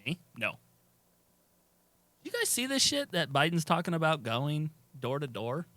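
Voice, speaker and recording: A man hosting a loose comedy roundtable, his voice bright and forward, swinging widely in pitch as he laughs and steers the talk. He sounds close and dry on the mic. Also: huge pitch swings, a little slow, dry recording. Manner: runs the conversation, laughs loudly. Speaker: podcast co-host.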